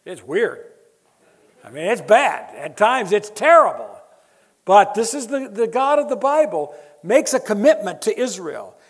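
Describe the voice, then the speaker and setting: A man's voice: high-pitched, very animated, measured pace, slightly rough. A man preaching a sermon, emphatic and building his points through repetition, with wry asides to the audience. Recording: long hall reverb.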